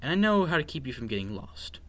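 A man voicing a bossy, cheerful young female mouse, brisk and reassuring. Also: fairly high pitch, sing-song, bright, forceful tone, exaggerated voice. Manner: brisk, reassuring, a little scolding.

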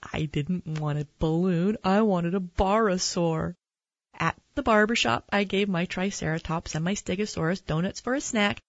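A woman reading a children's picture book aloud in a gentle, expressive storytelling manner. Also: on the low side, moderate pace, dry recording, dull audio. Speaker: narrator.

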